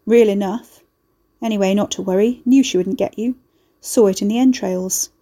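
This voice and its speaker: A woman's voice: mid-range voice, moderate pace, mellow, close to an everyday voice. A woman voicing a shifty, sarcastic male soothsayer, talking in a blunt, teasing way. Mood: mocking. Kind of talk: audiobook character voice.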